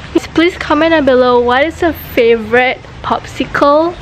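A woman's voice: sits high, normal speed, low-quality recording. A teenage woman with a Malaysian English accent, vlogging in a chatty, giggly way and slipping between English and Malay. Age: late teens. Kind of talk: casual vlog talk. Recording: faint background noise.

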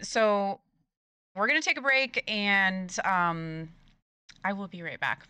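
A woman's voice: fairly low pitch, bright, forceful tone, no echo. A woman live-streaming a game, chatting casually and cracking crude jokes with frequent giggles. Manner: giggly, crude joking, laughs often. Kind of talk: casual live-stream chat while gaming.

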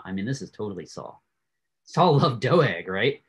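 A man giving a Bible class lecture, telling the stories in an animated way and often laughing. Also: low-pitched, unhurried. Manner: animated storytelling, frequent laughs.

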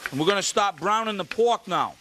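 A man's voice: high voice, animated, fairly quick, pushed and bright, slight background noise. A man hosting a live cooking show, chatting and joking with the studio audience as he demonstrates a recipe.

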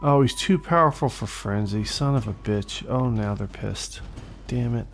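A man giving excitable, swearing gameplay commentary as host, talking to enemies as he plays. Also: mid-range voice, unhurried, slight background noise. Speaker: let's play host.

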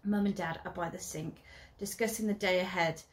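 Teacher, female, reading a story aloud to her class; expressive, gets loud on dramatic beats. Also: lowish voice, moderate pace.

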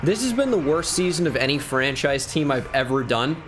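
A man giving excitable video game commentary, thinking aloud with bursts of hype. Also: a little high, moderate pace, soft background music. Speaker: gaming YouTuber.

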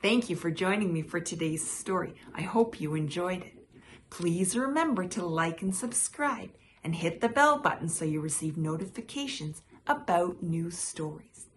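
A woman hosting a children's storytime, reading a picture book aloud in a gentle, expressive way. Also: on the low side, moderate pace, a little hiss or hum.

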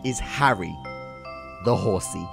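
A young man commentating a video game in a jokey, excitable way, swinging between shouts and mutters. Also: lowish voice, takes it slowly, creaky. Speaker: gaming YouTuber. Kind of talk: let's play commentary. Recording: game music playing behind. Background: game music.

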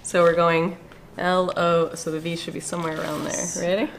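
A woman's voice: fairly low pitch, level tone, normal speed, vocal fry, a little hiss or hum. A woman hosting a casual vlog at an animal park, chatting bubbly to the camera and cooing and squealing at baby animals.

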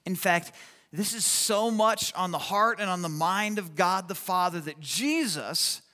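A man preaching a sermon, telling a personal story in an animated, chatty way with lots of fillers. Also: high-pitched, measured pace. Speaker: pastor. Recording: long hall reverb.

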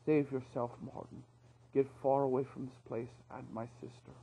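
A man voicing a weak, despairing male wildcat prisoner who speaks quietly, in a read-aloud storybook. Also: medium pitch, flat delivery, moderate pace, creaky, husky, low-quality recording. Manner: quiet, faint.

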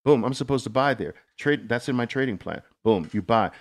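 Animated, emphatic middle-aged man coaching. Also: medium pitch, fairly quick. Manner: emphatic, motivational, dramatic storytelling. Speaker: trading coach host. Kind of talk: live Q&A coaching talk.

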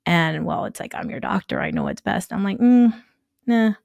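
A woman who grew up in Nicaragua, telling her story as a podcast guest, animated and laughing often as she acts out quoted dialogue. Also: on the low side, fairly quick, gravelly, no echo, clean studio sound. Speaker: guest, construction entrepreneur. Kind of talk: casual storytelling interview.

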